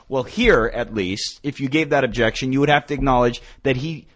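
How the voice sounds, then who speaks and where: A man's voice: mid-range voice, fairly quick. Emphatic man in a theology talk show. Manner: emphatic, rising to forceful peaks. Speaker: radio show co-host. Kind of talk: theological radio discussion.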